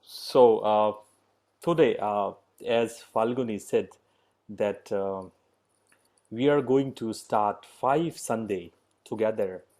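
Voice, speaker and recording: A middle-aged man opens an online yoga class in unhurried, halting English. He speaks very slowly, often stopping on fillers while searching for words. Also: fairly low pitch, darkish tone. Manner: slow, halting English with many fillers and laughs. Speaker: yoga teacher.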